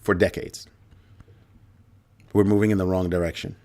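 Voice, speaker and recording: A man's voice: sits low, level tone, normal speed, darkish tone. A man hosting a livestream commentary, talking emphatically, repeating key phrases for effect and answering viewer comments as he goes. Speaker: show host.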